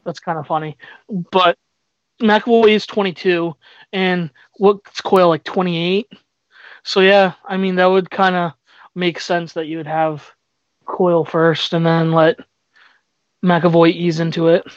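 A man's voice: sits high, level tone, measured pace, pauses often, dry recording. A man in a casual podcast chat, speaking hesitantly and repeating words as he thinks. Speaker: podcast co-host. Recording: dry, dull lo-fi audio.

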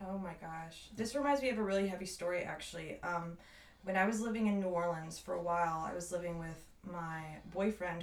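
A woman chatting casually on a podcast, telling stories in an animated way and swearing freely. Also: fairly low pitch. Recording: roomy, slightly distant mic.

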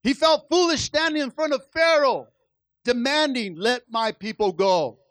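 A man's voice: extremely high pitch, a little slow, a bit bright, dry recording. A male pastor preaching a sermon, calling out to the congregation and dramatically acting out biblical characters as he tells their stories. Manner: call-and-response exhortation.

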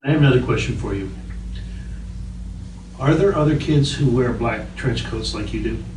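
A middle-aged father calmly asking his son a string of questions on a home recording. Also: mid-range voice, moderate pace. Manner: plain, steady questioning. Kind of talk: family conversation on a home recording. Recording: echoey room, far from the mic, noisy.

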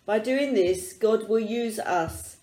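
A woman from a church leadership team, giving a measured, earnest talk reflecting on a conference. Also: medium pitch, dark tone, roomy sound. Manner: slow, measured, earnest delivery.

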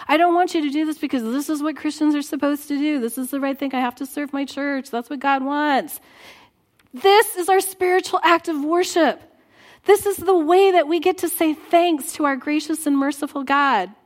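A woman preaching a sermon in church, earnest and exhorting, dropping soft and low at times. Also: moderate pace. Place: church sanctuary.

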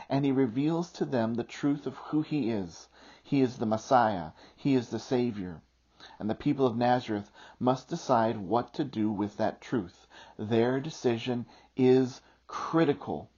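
A man's voice: mid-range voice, dark tone, slightly rough. A middle-aged man preaching a sermon as a pastor, telling a self-deprecating story before turning earnest. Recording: muffled lo-fi recording.

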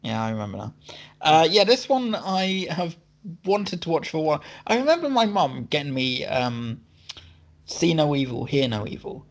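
Male podcast co-host, a bit high-pitched and gravelly, easygoing. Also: very animated, moderate pace. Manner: laughs often, short replies. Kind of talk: casual chat.

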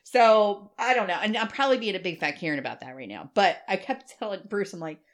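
A middle-aged woman co-hosting a podcast tells an animated story at a fast clip in a medium-pitched voice. The chat is casual, she swears freely, and she acts out other people's voices.

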